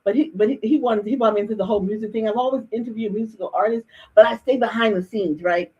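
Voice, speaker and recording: Fast-talking husky middle-aged woman host. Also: a little high. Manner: talkative, with frequent restarts and storytelling. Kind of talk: casual interview chat. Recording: dull lo-fi stream audio.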